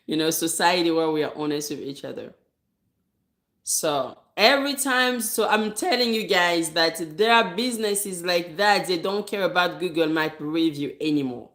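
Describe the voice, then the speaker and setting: Blunt, emphatic businesswoman giving advice. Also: lowish voice. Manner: direct and emphatic, repeats key phrases; laughs lightly between points. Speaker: hair braider. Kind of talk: casual advice monologue.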